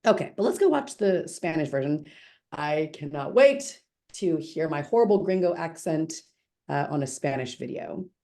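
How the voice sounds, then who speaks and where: A woman presenting a live software demo over a video call, chatty and upbeat, with quick self-corrections and asides. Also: low voice, lively intonation. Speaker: webinar presenter demoing software.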